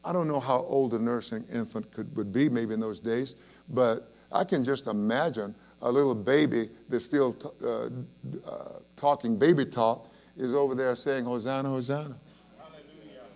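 A man's voice: medium pitch, moderate pace, a little mellow. A man preaching an evening Bible study sermon, earnest and emphatic, with rhetorical questions and frequent restarts. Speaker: pastor.

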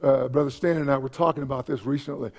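A man preaching a sermon in a church, swinging from emphatic shouts to hushed asides. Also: mid-range voice, steady tone, fast, gravelly. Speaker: pastor.

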